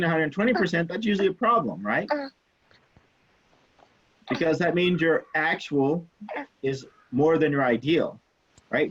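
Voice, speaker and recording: A man teaches a chemistry class by telling a story from his student days, full of life and quick to act out every person in it. His voice sits a little high and sounds husky. The sound is muffled and lo-fi, like an online class. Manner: animated, acts out quoted people, swears casually. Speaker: chemistry instructor. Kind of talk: casual lecture storytelling.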